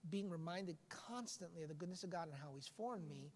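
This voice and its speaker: A man's voice: on the high side, brisk. Earnest preachy man in a reverberant room. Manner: earnest, preachy, with frequent restarts. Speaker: pastor. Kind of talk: casual podcast discussion.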